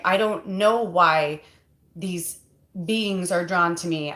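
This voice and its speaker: This is a woman with a slightly low voice, hosting a casual livestream as a spiritual medium. She rambles in a heartfelt way, full of fillers and asides. Her voice rings out in an echoey room. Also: a bit bright.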